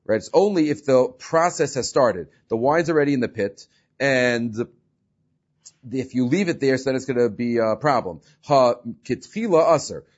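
A man's voice: mid-range voice, lively intonation, normal speed. A man teaching a Talmud class, explaining step by step, often checking with "right?" and mixing in Hebrew and Aramaic terms. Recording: slightly dull lo-fi recording.

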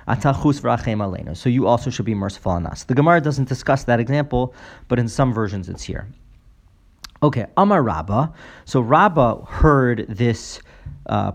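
A man giving a spoken Talmud lesson, reading passages aloud and explaining them in a measured, explanatory way with frequent fillers and restarts. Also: on the low side. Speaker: Talmud teacher.

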